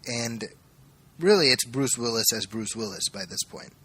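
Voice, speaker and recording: A man's voice: mid-range voice, moderate pace, husky. A man co-hosting a podcast, chatting casually about a film and acting out quoted lines as he tells it. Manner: animated storyteller, acts out quoted lines. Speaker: podcast co-host. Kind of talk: casual movie review chat.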